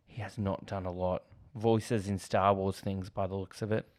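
A man's voice: low-pitched, level tone, moderate pace. Chatty man riffing on old movies. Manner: laughing, acts out scenes in quotes. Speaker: podcast co-host. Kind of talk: casual film chat.

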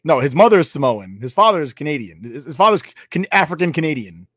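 A man's voice: on the high side, sing-song, fast talker, a bit bright, breathy edge, dry recording, clean studio sound. A young man co-hosting a casual sports podcast, arguing in profane banter. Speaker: podcast co-host.

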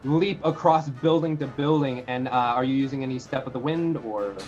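A man running a tabletop roleplaying session as game master, narrating the scene in a relaxed way and dropping in little sound effects. His voice sits mid-range, and the recording is a bit dull and lo-fi with faint music underneath. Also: mid-range voice, normal speed.

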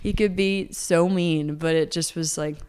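A woman's voice: sits low, steady tone, unhurried, a little mellow, smooth. A woman in her twenties, a singer-songwriter from Atlanta, chatting casually in an interview, rambling with lots of fillers. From Atlanta, United States. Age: 20s.

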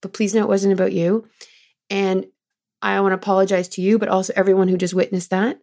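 A middle-aged woman talking as a guest in an interview, telling lively stories about leading her team and quoting people in changing voices. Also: mid-range voice, fast talker. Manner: animated storyteller, quotes others in changing voices. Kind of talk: conversational interview.

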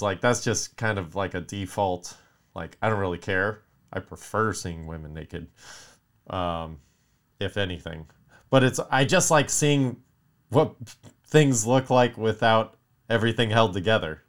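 A young man casually telling a rambling, profane story to his viewers, dropping into muttered whispered curses. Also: lowish voice.

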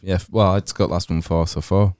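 A man co-hosting a podcast, sceptical and quick to laugh in casual banter. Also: low-pitched, fairly even intonation, a little mellow, clear, resonant tone, no room sound, clean studio sound. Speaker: podcast co-host.

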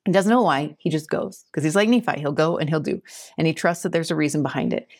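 A woman's voice: sits low, fast talker, a little mellow, dry recording, studio quality. A woman in her thirties hosting a podcast, teaching scripture in a casual, earnest way, often laughing and acting out quotes. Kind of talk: casual scripture study talk.

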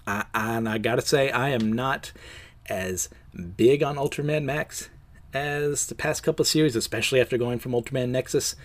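A man's voice: mid-range voice, normal speed. Rambling man reviewing comics live. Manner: rambling, laughs at himself, many fillers. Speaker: host of a comics review show. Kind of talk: casual review chat, recounting a comic.

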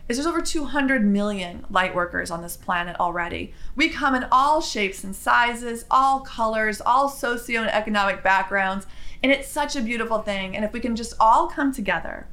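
A woman vlogger telling a spiritual story in a chatty, animated way, with quick asides. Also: a little high.

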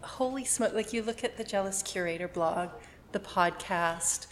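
A woman hosting a podcast interview, encouraging and supportive with quick asides. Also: medium pitch, a little hiss or hum. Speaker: podcast host. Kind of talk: casual interview chat.

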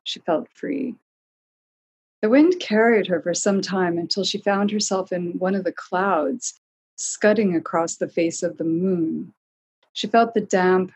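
A woman reading a storybook aloud in a calm, measured way. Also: fairly low pitch, husky, low-quality recording. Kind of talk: storybook narration.

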